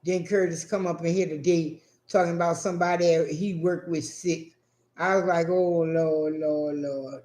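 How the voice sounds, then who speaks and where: High-pitched guy ranting slow about some twins, lots of cussing, echoey room. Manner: profane, animated, acts out quotes. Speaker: vlogger. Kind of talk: casual storytelling rant.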